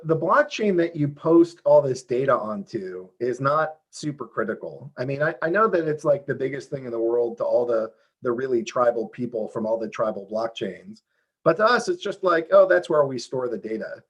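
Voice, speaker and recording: A man being interviewed over a video call, explaining how his game works in a lively, fast, self-interrupting way. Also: mid-range voice, slightly rough, lo-fi sound. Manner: animated, talks fast with many restarts and fillers. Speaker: game developer guest.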